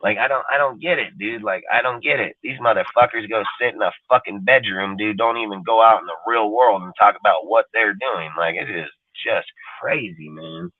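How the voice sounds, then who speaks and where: A man's voice: lowish voice, a little fast, few pauses. A blunt man rants in a casual, profane way, dropping "dude" and "like" all through his talk. His voice comes through thin and phone-like, with a dry sound and no room echo. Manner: blunt, heavy swearing, repeats "dude" and "like". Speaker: podcast co-host.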